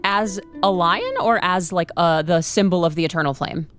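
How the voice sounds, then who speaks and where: A woman's voice: fairly low pitch, moderate pace, music in the background. A woman, playing a tabletop game in a chatty, laughing, playfully bluffing way. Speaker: player.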